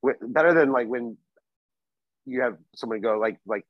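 A man from Oregon co-hosting a podcast, telling stories in a halting, rambling way. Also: medium pitch, no room sound, narrow, tinny audio. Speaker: podcast co-host. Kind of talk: casual chat.

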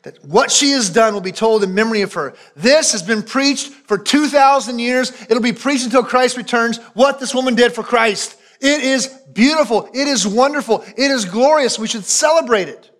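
A man preaching a sermon as pastor, emphatic and repetitive, sometimes dropping to a low, quiet voice for solemn points. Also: normal speed, few pauses. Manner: emphatic preaching, repeating phrases for weight.

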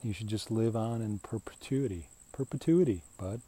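A man's voice: on the low side, fairly even intonation, normal speed, mellow, husky. A man hosting a podcast as casual talk while he walks his dog outdoors, rambling and chatty, talking to the dog as he goes. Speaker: podcast host. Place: outdoors on a walk. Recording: faint outdoor noise with insects.

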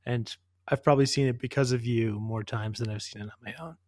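A man with an average-pitched voice co-hosts a casual podcast. He talks thoughtfully and a bit hesitantly, with self-deprecating humour. The sound is dry and close, with no room echo. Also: fairly even intonation, brisk, a little mellow. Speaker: podcast co-host. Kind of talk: casual chat.

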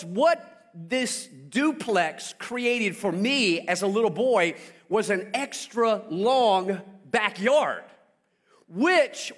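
A middle-aged man from South Carolina preaching a sermon in church, telling a childhood story with call-and-response. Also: extremely high pitch. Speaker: pastor.

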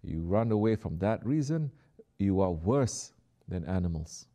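Unhurried and animated, this low-voiced man exhorts his audience during a sermon, sinking to soft asides and then climbing back up to emphatic statements.

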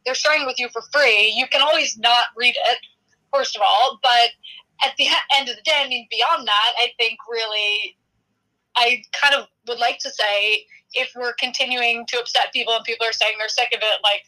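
A woman's voice: a little high, fairly even intonation, moderate pace, sharp tone, rough recording. A woman, a magazine editor appearing as a podcast guest, talking in an earnest, conversational way. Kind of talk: casual interview chat.

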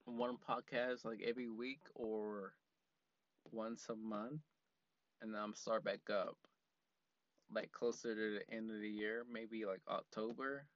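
A man's voice: on the low side, flat delivery, a little slow, no room sound, muffled recording. A man hosting a casual solo podcast from a parked car, rambling with lots of fillers and frequent laughs. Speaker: podcast host.

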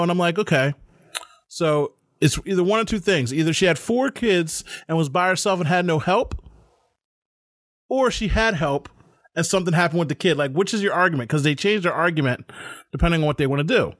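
A man with a fairly high voice hosts a casual chat and tells stories with gusto. He slips into other people's voices as he goes. The sound is dry and close. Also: moderate pace, dry recording. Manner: animated storyteller, acts out voices of others. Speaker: podcast host.

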